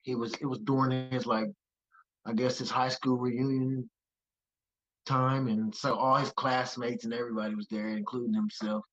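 A man's voice: mid-range voice, level tone, normal speed, muffled recording. A man from West Virginia, a musician guest, telling stories animatedly in casual conversation and laughing often.

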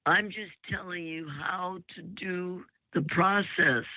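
A man's voice: fairly high pitch, dry recording. A man hosting a call-in advice show who talks bluntly and lectures, often cutting the caller off. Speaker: radio advice host. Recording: phone-like narrow sound.

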